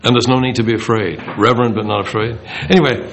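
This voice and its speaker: A man giving an informal Bible talk, conversational and animated, acting out the quoted speech. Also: medium pitch, fast, creaky, background noise. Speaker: Bible teacher.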